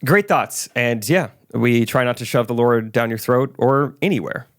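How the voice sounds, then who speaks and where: A man's voice: medium pitch, no echo, clean studio sound. A man co-hosting a podcast, joking around and reading out a listener review. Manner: joking, quick to laugh. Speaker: podcast co-host.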